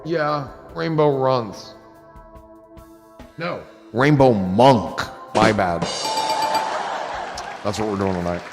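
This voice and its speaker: A gravelly man chatting loosely on his live stream, swearing freely and spinning rambling stories. His voice rings with a long reverb, and music plays softly behind him. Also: lowish voice, takes it slowly, pauses often, a crowd in the background. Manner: profane, rambling storyteller, gets excited. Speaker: streamer host. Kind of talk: casual live-stream chat.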